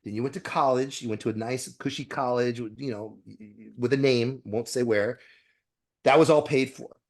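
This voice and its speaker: A man who is a dentist, a guest on a podcast interview, talking bluntly with profanity and animated storytelling. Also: medium pitch, normal speed.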